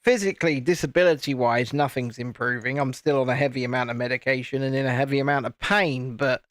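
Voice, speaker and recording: A man's voice: mid-range voice, fairly even intonation, quick pace, fairly bright tone, no room sound, studio quality. A man, hosting a casual live stream, chatting and teasing while he builds a model. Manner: chatty, teasing, self-deprecating.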